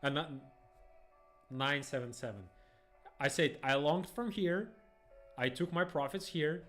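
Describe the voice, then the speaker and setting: A young man, rambling excitedly through live trading stream commentary in phrasing. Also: fairly high pitch, a little slow, faint music behind. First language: Russian. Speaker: day trader streamer.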